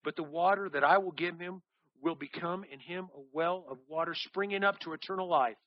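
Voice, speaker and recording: Man preaching, high voice, dry close sound, animated storytelling. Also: brisk, no room sound, dull audio. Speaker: pastor. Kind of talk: sermon.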